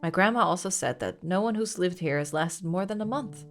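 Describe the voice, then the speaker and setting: A woman's voice: lowish voice, brisk, soft background music, close to an everyday voice. A woman voicing a hostile, dismissive English working-class man in a video game, with a put-on English accent. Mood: storytelling.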